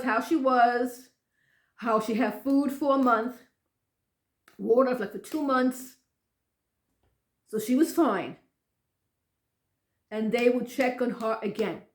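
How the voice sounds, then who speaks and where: A woman pastor telling a personal story, emotional and animated, often repeating phrases. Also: on the high side, echoey room.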